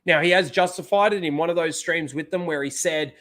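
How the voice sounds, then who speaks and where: A man's voice: fairly high pitch, fairly even intonation, moderate pace, few pauses, bright, forceful tone. Blunt, swearing livestream host man. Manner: blunt, rambling, swears casually. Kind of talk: casual livestream commentary.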